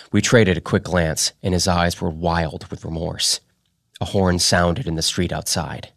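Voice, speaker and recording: A podcast host reads fiction in a deep, low voice, keeping his delivery steady and measured. The recording is close and dry, with no room sound at all.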